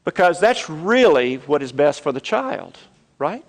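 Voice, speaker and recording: In a large hall, a middle-aged pastor with a fairly high voice and big pitch swings delivers a sermon. He narrates a story, breaking off with pauses and asides to his listeners in the church.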